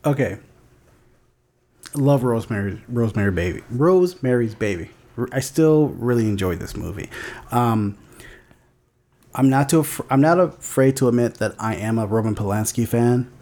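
Man excitable, cheio de palavrões. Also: medium pitch, moderate pace. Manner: excitable, swears a lot, many "like" fillers. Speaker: podcast co-host. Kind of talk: casual film and TV chat.

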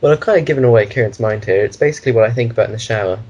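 A man with a husky, slightly rough voice, chatting casually as a podcast co-host. He talks in loose, rambling stretches, circling around his ideas at an even, middle pitch. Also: rapid-fire, highs cut off. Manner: rambling, meandering explanations. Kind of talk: casual chat.

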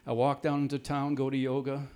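A man telling a rambling, self-deprecating personal story to a live audience, his voice jumping high when the story turns tense. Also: monotone, brisk, darkish tone, smooth. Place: jungle home on a tropical mountain.

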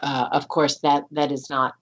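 A woman's voice: low-pitched, level tone, normal speed, highs cut off. A woman minister in casual spiritual conversation, speaking thoughtfully with frequent fillers. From United States.

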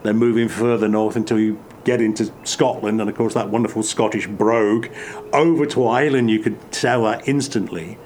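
Sitting at a table, a Midlands-accented man talks casually in a low voice, a bit fast, over slight background noise. Reflective by nature, he restarts sentences frequently and occasionally gets animated.

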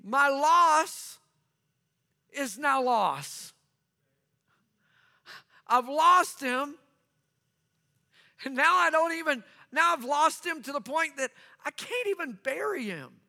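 A man's voice: very high-pitched, expressive, takes it slowly, creaky, long pauses, bright, forceful tone, pitched above the performer's own voice, full character voice. A male preacher voicing a grieving woman weeping at an empty tomb, with a raised, pleading, breaking voice. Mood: grieving, desperate. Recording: long reverb of a large hall.

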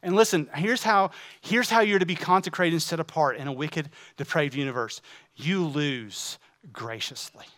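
Bright high-voiced preaching man. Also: brisk, hardly any pauses. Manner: preaching with rhetorical questions, swinging from loud emphatic to hushed. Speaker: pastor. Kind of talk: sermon.

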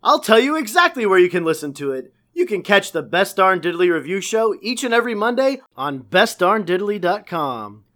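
A man plays a high, sing-song small-town huckster in a podcast ad, swooping wildly up and down as he talks, full of folksy charm and sales patter. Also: big pitch swings, normal speed, hardly any pauses, fairly bright tone. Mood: pitching. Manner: folksy, with wide theatrical swings in pitch. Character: folksy fast-talking small-town male huckster pitchman. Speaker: promo spokesman for a review podcast.

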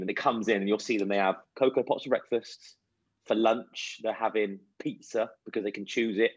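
Brief: man, low husky voice, talkative storyteller, dry dull lo-fi recording. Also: fairly quick, dry recording. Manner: chatty, anecdotal, animated storytelling. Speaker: children's nutrition and fitness coach. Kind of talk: casual interview answers. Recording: dull, lo-fi sound.

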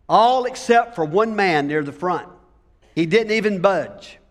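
A male pastor preaches an emphatic sermon and rouses his congregation with call-and-response. His voice sits unusually high for a man. Long reverb from the church hall trails behind him. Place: church sanctuary.

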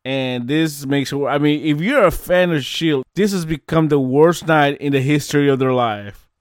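Male host, measured and unhurried delivery, dry close sound. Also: fairly high pitch, dry recording. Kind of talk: casual show hosting.

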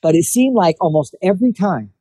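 With a high-pitched, breathy-edged voice and a slightly fast pace, a man tells a hunting story in casual conversation. He's lively, acting out what people said; the recording is rough and has no room sound.

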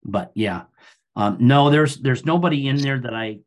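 A middle-aged man from Iowa, a grain businessman, chatting calmly in an interview and telling stories at an unhurried pace with frequent ums. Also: medium pitch. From Iowa, USA. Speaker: guest, grain business owner. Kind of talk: casual interview chat.

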